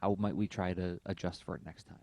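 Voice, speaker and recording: A man's voice: sits low, steady tone, quick pace, a little mellow, no echo. A man co-hosting a podcast, talking in long, thoughtful runs with many fillers in casual conversation. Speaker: podcast co-host.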